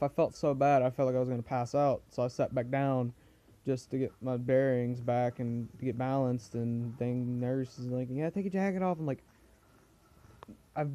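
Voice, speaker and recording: A teenage boy with a bad cold and cough talks to camera in a rambling, complaining vlog. His voice is mellow and warm, sitting at an ordinary pitch for a young man. He drifts from story to story, often laughing at his own misery. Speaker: vlogger. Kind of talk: casual vlog chat. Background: pet cockatiel.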